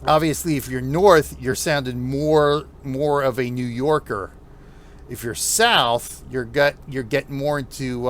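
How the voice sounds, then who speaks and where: A man with a New Jersey accent chatting casually with his audience while driving in a truck game, rambling with halting restarts. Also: medium pitch, slight background noise. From New Jersey, USA. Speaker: streamer playing a truck game. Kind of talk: casual chat while gaming.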